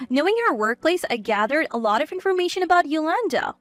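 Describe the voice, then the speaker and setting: A woman's voice: sits high, expressive, fast, a bit bright, no echo, soft background music. A woman narrating a first-person story in a cool, firm manner.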